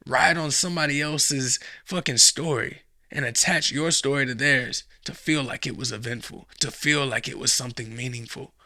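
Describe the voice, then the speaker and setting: A man's voice: medium pitch, steady tone, moderate pace, few pauses, bright, forceful tone, no room sound. A man hosting a reaction show, giving blunt, profane commentary on a video clip.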